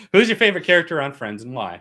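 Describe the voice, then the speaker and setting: A man's voice: medium pitch, sharp tone. A man from the United States hosting a casual livestream, explaining at length with plenty of fillers and restarts. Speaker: livestream host.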